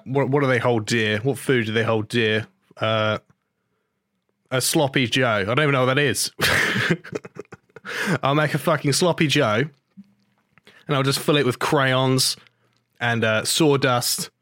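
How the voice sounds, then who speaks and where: A man's voice: medium pitch, a bit bright, no echo, studio quality. A man, hosting a podcast and ranting in an outraged, sweary, sarcastic way. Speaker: podcast host. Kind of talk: ranting casual podcast talk.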